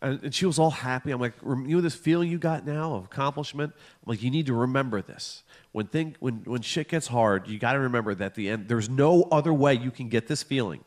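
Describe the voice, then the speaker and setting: A man's voice: medium pitch, a little fast. A middle-aged man co-hosting a podcast, telling a long story in a casual, profane way and acting out what people said. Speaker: podcast co-host.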